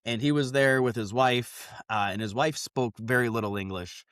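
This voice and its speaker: A man hosting a podcast, telling a story in a casual chat, animated and full of fillers and restarts. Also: medium pitch, normal speed, no room sound, clean studio sound. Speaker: podcast host.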